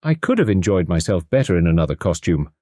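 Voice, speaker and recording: A man's voice: mid-range voice, animated, a little fast, dark tone, no room sound, studio quality, voice pushed up, natural voice. A man voicing a wry young detective husband. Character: good-humoured young husband and detective, grumbling.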